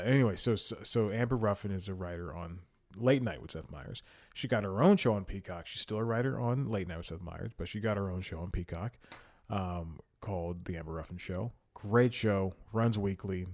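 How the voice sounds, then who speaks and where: Male solo podcast host, slightly low voice, loose rambling delivery with chuckles, a bit winded. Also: darkish tone. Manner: rambling, self-mocking, chuckles often. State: slightly out of breath. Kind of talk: casual solo podcast chat. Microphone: headphones and studio mic.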